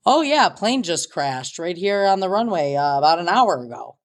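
A woman's voice: on the low side, very animated, normal speed. A woman voicing a nonchalant airport cashier who shares grim news in a matter-of-fact way. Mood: offhand.

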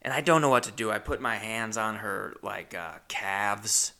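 Gravelly man telling a rambling story. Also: lowish voice, moderate pace, sharp tone. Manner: awkward, self-deprecating, rambling with restarts. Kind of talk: stand-up storytelling.

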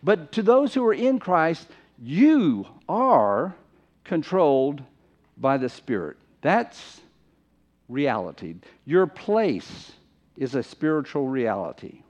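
A man's voice: a little high, big pitch swings, slow pace, a little mellow. A man preaching a sermon in an emphatic, conversational way, often repeating phrases for stress. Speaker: pastor. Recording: muffled lo-fi recording.

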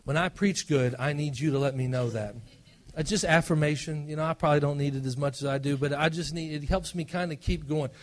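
A man preaching a sermon as pastor, conversational and self-deprecating, swinging between loud emphasis and hushed asides. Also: on the high side, steady tone, fairly quick.

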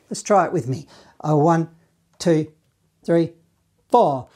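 A man teaching a saxophone lesson, walking through the notes in a relaxed, encouraging way and scatting the phrases. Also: a little high, slow pace, long pauses. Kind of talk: online music lesson.

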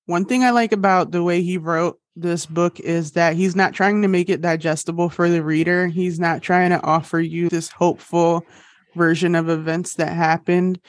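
A woman's voice: fairly low pitch, steady tone, moderate pace, no room sound, clean studio sound. A young woman hosting a podcast in casual chat, bubbly and laughing at her own jokes. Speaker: podcast host.

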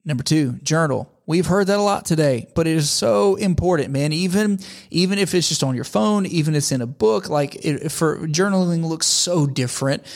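A man's voice: a little high, moderate pace, gravelly. A man in his thirties preaching in a conversational, earnest way, often repeating phrases for emphasis. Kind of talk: sermon.

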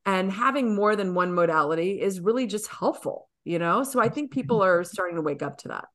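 A woman's voice: mid-range voice, animated, fairly quick. A woman co-hosting a podcast as a coach, talking in a chatty, emphatic way with lots of fillers. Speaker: podcast co-host and women's coach. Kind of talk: casual podcast chat.

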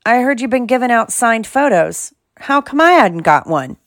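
A woman voicing a big, gruff, kindly male half-giant groundskeeper in an audiobook, speaking bluntly and colloquially. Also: fairly high pitch, lively intonation, moderate pace, fairly bright tone, no room sound, clean studio sound, pitched above the performer's own voice. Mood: hearty. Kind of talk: audiobook character voice.

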